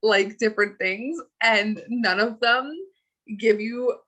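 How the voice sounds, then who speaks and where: A woman's voice: a little high, fairly even intonation, slow pace, a bit bright, low-quality recording. A woman co-hosting a podcast, chatting casually about movies with lots of fillers and giggles. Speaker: podcast co-host. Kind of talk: casual chat.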